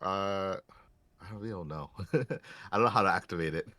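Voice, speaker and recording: A man playing a tabletop game, quiet and hesitant. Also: low voice, moderate pace, no room sound. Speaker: player. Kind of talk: casual chat.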